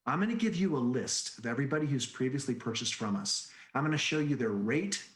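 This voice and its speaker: A man voicing a blunt, teasing male car sales manager in a slow, low voice. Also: animated, lightly acted. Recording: echoey room.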